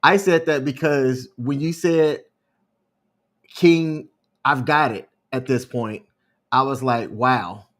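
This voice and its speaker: A man co-hosting a podcast, telling a story in a calm, measured, unhurried way. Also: medium pitch. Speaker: podcast co-host. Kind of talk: casual storytelling chat.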